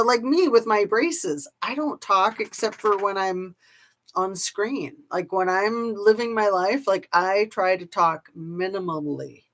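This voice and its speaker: A woman commentator chatting casually to her camera, with scornful asides. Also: medium pitch. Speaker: YouTube commentator.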